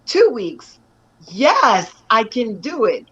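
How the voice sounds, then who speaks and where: An actress and stunt performer telling stories with animated energy and frequent laughter during an interview. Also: female voice, a little high, takes it slowly, breathy edge, highs cut off. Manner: animated, laughs often, lively storytelling. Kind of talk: excited storytelling in an interview.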